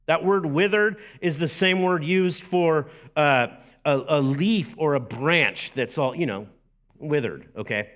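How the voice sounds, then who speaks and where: A middle-aged man, a lead pastor preaching a sermon in a lively, conversational way with asides to the congregation. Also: fairly high pitch, measured pace.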